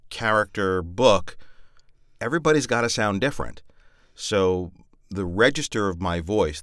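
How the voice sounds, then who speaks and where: Deep-voiced man in relaxed chat. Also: no room sound, studio quality. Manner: thoughtful, rambling with many fillers. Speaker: audiobook narrator. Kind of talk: casual podcast chat.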